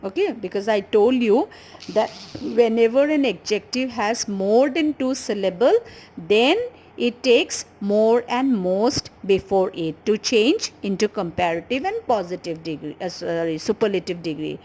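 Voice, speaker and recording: Patiently explaining an English grammar lesson, a woman with an Indian English accent slowly repeats key words. She speaks at medium pitch with lively intonation and a darkish tone, on a rough recording.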